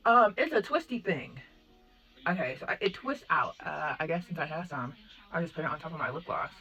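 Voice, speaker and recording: Chatty young woman vlogger, low voice. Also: brisk, soft background music. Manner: chatty and excitable, full of "like" and asides. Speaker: makeup vlogger. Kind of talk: casual unboxing chat.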